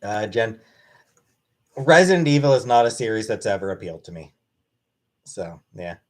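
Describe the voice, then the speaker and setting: A man's voice: on the low side, very animated, normal speed. A man casually answering questions from his live-stream chat in a blunt, offhand way.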